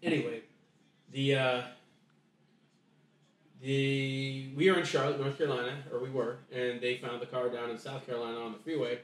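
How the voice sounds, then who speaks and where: A man's voice: mid-range voice, little pitch movement, normal speed, long pauses. Man telling a story from across an echoey room. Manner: rambling, with many restarts and reenacted dialogue. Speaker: podcast guest telling a story. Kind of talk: casual storytelling chat. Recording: echoey room, voice distant from mic.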